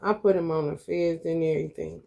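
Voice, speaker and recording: A woman's voice: deep voice, steady tone, fairly quick, vocal fry, dark tone. A woman giving a casual tarot reading. She talks bluntly and profanely, calls the viewers y'all and honey, and laughs often as she tells stories. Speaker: tarot reader.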